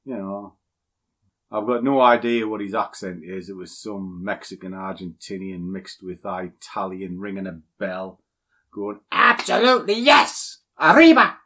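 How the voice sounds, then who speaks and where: A man's voice: deep voice, steady tone, unhurried, fairly bright tone. Blunt, rambling older man. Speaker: trading educator. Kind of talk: casual rambling talk, then screen walkthrough.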